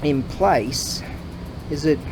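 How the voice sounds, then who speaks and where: Outdoors by traffic, a profane, grumbling male podcast host walks along a street, rambling casually and laughing often. His voice is a little high and very slow, and passing vehicles can be heard in the background.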